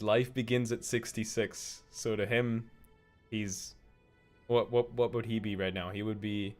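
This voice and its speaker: A man in his twenties chatting casually and self-deprecatingly while streaming a game live, often stumbling over his words. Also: fairly low pitch. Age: 20s. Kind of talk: casual live gameplay commentary.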